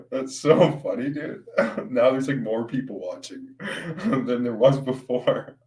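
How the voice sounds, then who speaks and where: In a slow, darkish, medium-pitched voice, a young man rambles through a casual livestream while stoned. He laughs often, swears a lot and keeps saying "dude," and the audio is roomy, with him sitting away from the mic.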